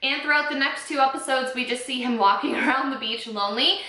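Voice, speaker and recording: Chatty young woman, bright echoey voice. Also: sits high, fast talker. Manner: chatty, filler-heavy, opinionated. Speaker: beauty vlogger recapping a reality show. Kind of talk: casual chat to camera. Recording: echoey room.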